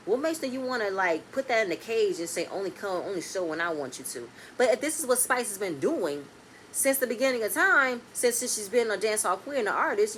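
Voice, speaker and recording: High-ish voiced woman, ranting about a reality show, faint hiss behind. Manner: animated, blunt and swearing, swings between loud and quiet. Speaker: reality TV recap host. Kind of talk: casual episode review.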